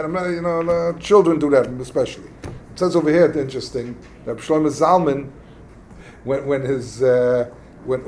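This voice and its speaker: A man teaching a casual text study lesson, explaining passages in a halting, conversational way and acting out quarrels. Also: mid-range voice, a little mellow, a little hiss or hum. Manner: halting, explains texts plainly and acts out quarrels. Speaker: religious teacher.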